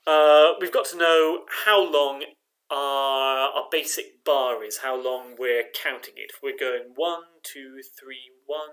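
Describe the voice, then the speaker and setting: A man runs a choir rehearsal, explaining note lengths step by step. He talks slowly and patiently, chanting each beat so singers can echo it back. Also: a little high, a bit bright. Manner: patient, clapping out rhythms with drawn-out syllables. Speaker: choir director. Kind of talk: teaching rhythm to a choir.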